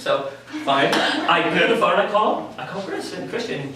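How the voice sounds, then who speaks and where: A man telling a personal story at a live story slam, candid and animated, laughing often. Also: high voice, brisk. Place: live venue stage. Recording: echoey room from a distant mic.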